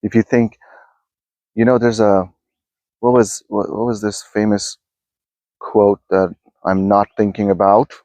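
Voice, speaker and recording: A man's voice: on the low side, flat delivery, measured pace, pauses often, mellow, no room sound. A man hosting a self-help video, talking casually and rambling in a backyard, often restarting his sentences. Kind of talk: casual spoken musing to camera. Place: outdoors in a backyard.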